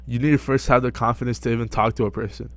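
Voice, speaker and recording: Here a young man dispenses easygoing self-help advice straight to the camera, full of filler words and repeated "right?" check-ins. He talks very fast at a medium pitch, captured with a close microphone.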